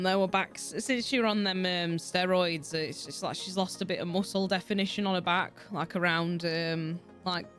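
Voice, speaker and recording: A young woman with a Yorkshire accent chatting casually and rambling while she streams a game, swearing freely and often laughing. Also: on the low side. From Yorkshire, England. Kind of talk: casual livestream chat while gaming. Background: soft background music.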